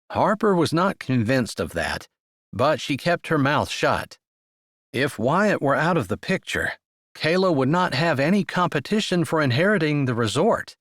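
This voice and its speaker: A man reading a romance audiobook aloud in expressive, measured storytelling narration. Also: on the high side, dry recording, studio quality. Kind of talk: scripted narration.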